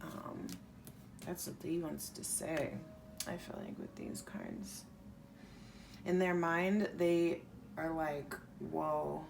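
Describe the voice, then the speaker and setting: Slow-talking woman giving a tarot reading. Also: deep voice, wildly swooping pitch, creaky, noisy background. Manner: casual, rambling, heavy use of "like". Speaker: tarot reader. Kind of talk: pick-a-pile tarot reading.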